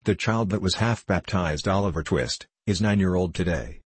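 A man's voice: sits low, normal speed, husky, no echo. A man voicing a fat, hot-tempered parish beadle who speaks with pompous self-importance. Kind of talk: audiobook character voice.

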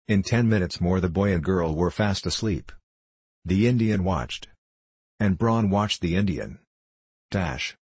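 A man reading an audiobook in a measured storytelling manner. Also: low-pitched, darkish tone, breathy edge, no room sound. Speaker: audiobook reader. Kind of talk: scripted audiobook narration.

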